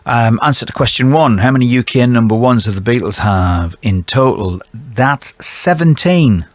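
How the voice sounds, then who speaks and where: A man's voice: medium pitch, expressive, moderate pace, no echo. A man hosting a quiz and reading out the answers in a jokey, chatty way, with playful asides. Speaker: quiz host for a care provider.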